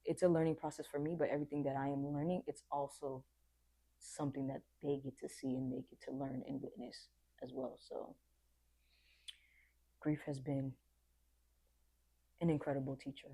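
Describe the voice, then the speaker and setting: A woman's voice: rumbling low, moderate pace, gravelly, long pauses, warm tone, husky. A young adult woman talking earnestly and reflectively in a casual podcast conversation, sometimes acting out what people said. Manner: reflective, earnest, acts out quoted voices.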